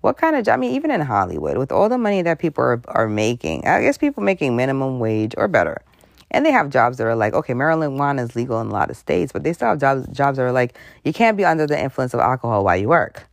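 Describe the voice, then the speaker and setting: A woman's voice: extremely low pitch, fast talker, gravelly, dry recording, clean studio sound. A woman host giving a frank, conversational commentary monologue, full of asides and acted-out voices. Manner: animated, conversational, frank, breaks into laughs and voices.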